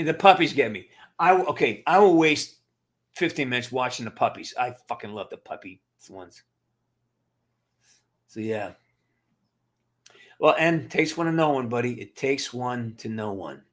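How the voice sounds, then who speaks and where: A man's voice: mid-range voice, expressive, measured pace, long pauses, a bit bright. A middle-aged man hosting a livestream, ranting to his live chat in a blunt, profane, emphatic way and answering viewers' comments. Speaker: livestream host. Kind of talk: casual rant to live chat.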